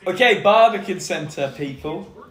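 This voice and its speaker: A man with a slightly high voice who is sick and coughs between lines, chatting bluntly and jokily with his co-host. He swears freely. The sound carries a roomy echo. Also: animated, unhurried, crowd noise. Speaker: stream co-host. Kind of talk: casual race-watching chat.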